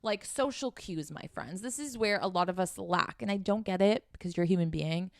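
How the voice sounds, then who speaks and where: A woman's voice: lowish voice, brisk, no echo, clean studio sound. Frank, profane woman giving dating advice. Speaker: dating and sex coach. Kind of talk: casual advice vlog.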